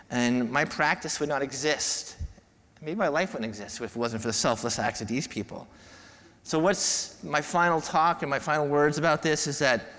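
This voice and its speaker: A man giving an emotional conference talk, heartfelt and halting, often repeating words and restarting. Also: on the high side, a bit bright. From New York. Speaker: podiatrist giving a keynote talk. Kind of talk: emotional speech to a conference audience. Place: large conference hall. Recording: long hall reverb.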